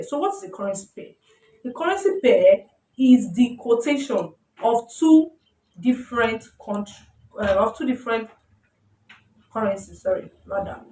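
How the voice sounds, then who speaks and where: A woman with a slightly high voice teaches forex trading in an informal tutorial, explaining slides. She often corrects herself mid-sentence and keeps asking "you understand?" The sound is roomy, her voice away from the mic.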